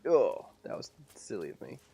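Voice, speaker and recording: A man's voice: lowish voice, sing-song, moderate pace, creaky, background noise. An American man streaming a game, muttering to himself and chatting with viewers. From United States. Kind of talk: casual gameplay commentary.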